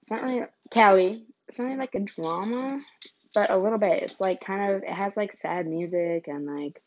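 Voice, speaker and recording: A woman's voice: mid-range voice, moderate pace, highs cut off, slight background noise. A young woman vlogging, telling rambling stories in a casual, giggly way with lots of fillers. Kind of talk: casual storytelling chat.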